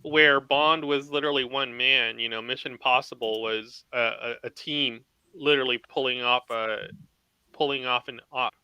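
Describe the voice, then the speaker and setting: A man's voice: mid-range voice, fairly even intonation, normal speed, pushed and bright, clean tone, no echo, poor audio. A man chatting casually in a group, thoughtful and hedging his points.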